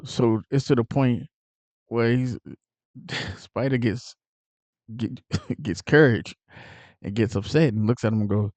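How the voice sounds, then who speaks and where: A man recaps a movie casually, rambling through fillers and restarts. His voice is mellow and relaxed, recorded dry and close. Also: mid-range voice, unhurried, pauses often, no room sound. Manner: animated retelling with acted-out quotes. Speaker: movie reviewer.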